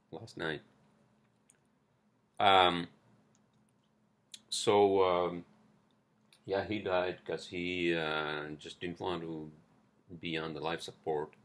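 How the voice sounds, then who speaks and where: Gravelly low-voiced man rambling on a podcast. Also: fairly bright tone. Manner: rambling, profane, many fillers. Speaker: podcast host. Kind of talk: casual solo podcast rambling. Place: indoors at home, street traffic outside. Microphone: cheap headphones.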